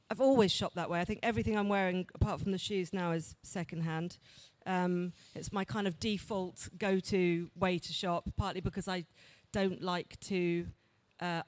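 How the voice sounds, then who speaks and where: A woman speaking on a panel, thoughtful and halting, with many fillers. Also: on the low side. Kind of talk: panel talk.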